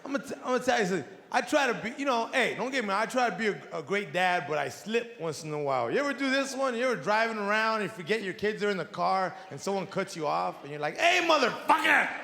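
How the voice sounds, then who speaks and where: A middle-aged man performs stand-up before a live audience, his high-pitched voice moving quickly with hardly any pauses. He swears freely and animatedly acts out his family members' voices. The hall is echoey, with the audience audible.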